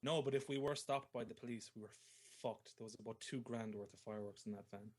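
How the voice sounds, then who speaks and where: A man's voice: medium pitch, fast talker. A young man with an Irish accent, co-hosting a casual online radio talk show and joking and swearing his way through the chat. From Ireland.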